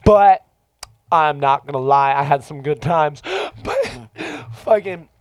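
Taking it slowly in a fairly high voice, a man recounts a story on a podcast in a casual way, and the recording has no echo. He's animated and profane, mimicking the voices of those he quotes.

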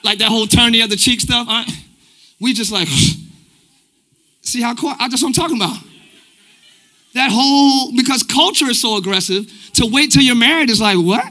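A man preaching a live church sermon in a casual, energetic way, using everyday slang and talking straight to the congregation. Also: very high-pitched, a little fast. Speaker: pastor. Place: church sanctuary.

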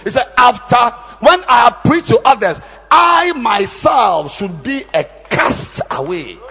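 A man, a bishop, preaching a sermon, shouting lines and leading the congregation in repeated call-and-response chants between quieter asides. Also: very high-pitched, sing-song, slow, gravelly, husky, big-room sound.

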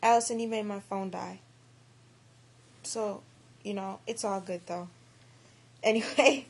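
A woman's voice: medium pitch, steady tone, slow pace, breathy edge. A young woman in casual chat, laid-back and slangy, teasing her friend.

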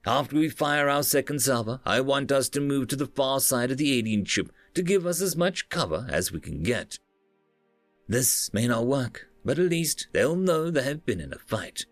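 A man's voice: mid-range voice, normal speed, dry recording, soft background music, pitched above the performer's own voice, close to an everyday voice. Man reading as a blunt starship captain. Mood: commanding. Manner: clipped commands, flat and dry. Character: stern male starship captain, blunt and weary.

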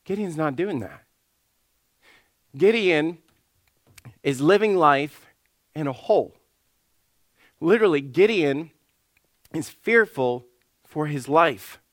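A man, a lead pastor delivering an animated sermon. He clears his throat often and acts out the voices he quotes. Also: a little high, takes it slowly, long pauses, no room sound.

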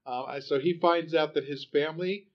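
A man's voice: a little high, fairly quick. Guy chatting about a movie, rambles and restarts a lot, kinda muffled lo-fi audio. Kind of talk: casual movie review chat. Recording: dull lo-fi recording.

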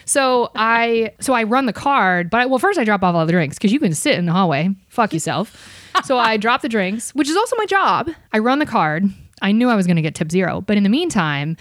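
A woman podcast host tells a story in a casual, jokey way, swearing freely. Her voice leaps around with a lively swing in pitch. It is recorded dry and close, with no room sound. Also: fairly quick, no echo. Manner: animated, profane, jokey.

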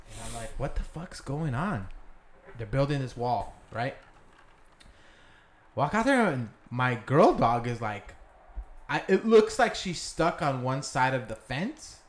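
A man hosting a podcast in loose, casual chat, swearing and laughing as he tells his stories. His voice sits at an ordinary middle pitch. A faint hum of room ambience runs underneath. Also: expressive, slow pace, pauses often. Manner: profane, laughing storyteller. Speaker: podcast host.

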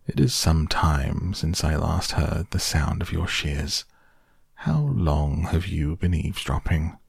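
A man voicing a stern, wise old wizard, speaking gravely and measuredly in an audiobook. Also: rumbling low, animated, slow pace, no echo, clean studio sound, exaggerated voice. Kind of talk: audiobook character voice.

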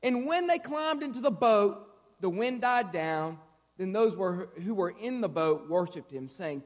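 Lively high-voiced man preaching in a hall. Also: normal speed. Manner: lively, conversational preaching with playful asides. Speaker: guest preacher. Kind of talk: sermon. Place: church sanctuary. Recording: reverberant hall.

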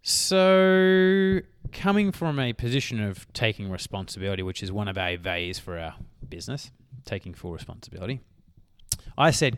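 A man in his thirties, a business coach, rambles casually through a solo podcast monologue and keeps correcting himself mid-sentence in a chatty way. His voice sits on the low side and is expressive and smooth, at a normal speed, in a dry recording.

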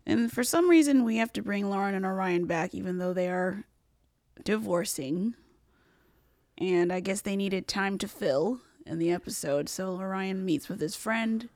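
A woman's voice: mid-range voice, moderate pace, darkish tone, dry recording. A woman talks casually on a podcast and leans on "like" between her thoughts. Her voice is recorded close and dry, with no room sound. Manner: chatty, frequent "like" fillers. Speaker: podcast co-host. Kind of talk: casual podcast recap chat.

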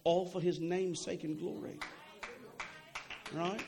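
A man's voice: sits high, flat delivery, slow pace, gravelly, darkish tone. A young adult man preaching a sermon in a conversational way, often checking in with "okay?" and repeating words as he goes.

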